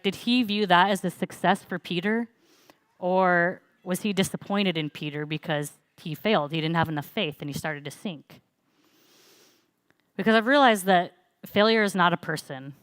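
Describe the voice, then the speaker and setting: A young woman talks through a church message in a loose, chatty way, as if telling friends a story. Her voice sits a little low and comes through smooth and resonant. The sound is dry and close. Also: normal speed, no echo. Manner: chatty, relaxed storytelling with laughs and fillers. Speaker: church speaker. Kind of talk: casual sermon talk.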